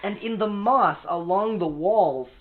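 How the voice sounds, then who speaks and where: Brief: male game master, slightly raised pitch, measured and dry, phone-quality sound. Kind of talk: narrating a tabletop game. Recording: tinny phone-like line.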